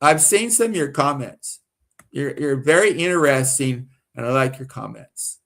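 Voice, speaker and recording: A man's voice: medium pitch, lively intonation, normal speed, creaky, a bit bright. A man from the American South doing rambling live-stream commentary, repeating himself and getting worked up and indignant.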